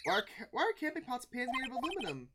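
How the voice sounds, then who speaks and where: A woman's voice: high-pitched, wildly swooping pitch, rapid-fire, very noisy, pitched above the performer's own voice. A woman voicing a perky, curious teenage girl sidekick with a bubbly, eager way of talking.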